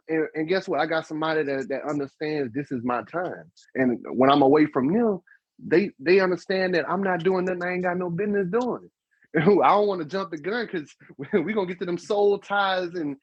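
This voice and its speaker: A man's voice: fairly high pitch, moderate pace, slightly rough, dry recording, muffled recording. A man co-hosting a relationship advice podcast, talking casually and animatedly, with emphatic repeats. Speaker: podcast co-host.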